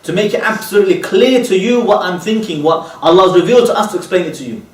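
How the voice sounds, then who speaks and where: Brief: male lecturer with a high voice who restates each point and checks in often, miked from a distance in a roomy space. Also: animated, fast talker. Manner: keeps asking "okay?" and rhetorical questions; repeats and restates terms. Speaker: Islamic lecturer. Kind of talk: religious lecture. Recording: echoey room, voice from far off.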